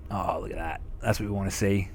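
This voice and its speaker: Australian man, young adult, low-pitched, slangy, cursing, live-streaming a game. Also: steady tone, fast talker, a little hiss or hum. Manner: swearing, slangy, chatting with viewers. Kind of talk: casual live-stream commentary.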